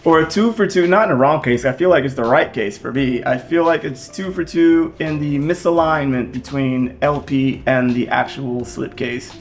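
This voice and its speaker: A man hosting a casual vlog as he unboxes vinyl records, excitable and gushing, swearing often. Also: mid-range voice, moderate pace, few pauses, soft background music.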